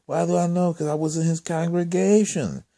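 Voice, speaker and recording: A man's voice: a little high, steady tone, moderate pace, warm tone. A man telling a story in a casual, rambling monologue, often exasperated and repeating himself. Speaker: vlogger.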